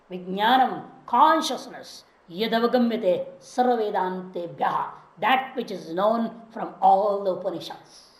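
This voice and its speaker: A woman's voice: fairly high pitch, darkish tone, echoey room, poor audio. A woman teaching a scripture class, reciting Sanskrit phrases and explaining them word by word in English. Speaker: Vedanta teacher.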